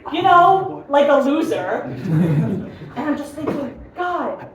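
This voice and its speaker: A young American woman performs stand-up in a comedy club before a live audience, speaking slowly in a high voice with big pitch swings. Her set is chatty and self-deprecating, and she often laughs at her own jokes. The recording is noisy and echoey, with the mic heard from a distance.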